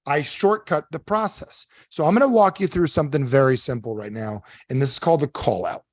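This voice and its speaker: A man with a somewhat high voice giving a live motivational seminar talk. He speaks emphatically and animatedly and keeps checking in with his listeners through questions. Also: a little fast, dry recording, clean studio sound. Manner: animated, keeps quizzing the audience; emphatic, storytelling.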